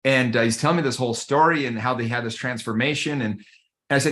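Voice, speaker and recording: Male podcast guest and men's coach, mid-pitched, animated conversational storyteller. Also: quick pace. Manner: animated, conversational, addresses the host by name.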